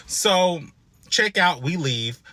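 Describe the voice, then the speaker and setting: A young man telling a sassy, animated storytime with lots of expression. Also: slow, no room sound. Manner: expressive, sassy, swoops into high exclaims.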